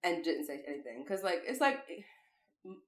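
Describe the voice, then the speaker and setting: A woman co-hosting a podcast, telling a story in casual, profane, animated chat. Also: lowish voice, moderate pace. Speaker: podcast co-host. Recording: echoey room.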